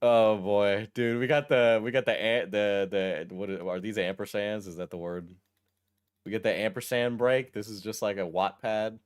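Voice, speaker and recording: A man with a lowish voice reads a long post aloud in a casual stream. His delivery stays clear and smooth. He breaks off often to add dry, deadpan remarks. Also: moderate pace. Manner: wry, deadpan asides between read passages. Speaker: streamer reacting to a text post. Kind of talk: casual commentary while reading aloud.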